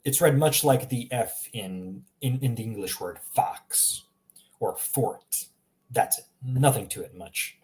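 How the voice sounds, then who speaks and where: A man giving a relaxed spoken language lesson, slowing down to model words and chuckling now and then. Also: mid-range voice. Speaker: language teacher.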